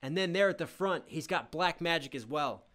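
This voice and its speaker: A young man hosting a live music reaction stream, reading chat aloud, breaking into shouts and explaining rhyme schemes. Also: a little high, expressive, normal speed.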